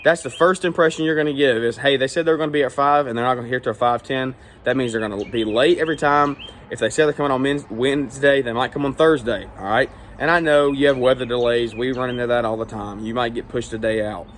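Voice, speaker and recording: A man's voice: medium pitch, fast talker, a bit bright, slight background noise. A man who owns a small lawn care business, giving straight-talking advice in a casual vlog and tagging his points with "all right?" and "okay?".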